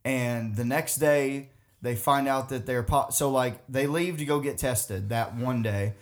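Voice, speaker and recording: A man's voice: medium pitch, measured pace. A man with a Southern US accent, co-hosting a podcast in a rambling, casual chat, often laughing. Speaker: podcast co-host.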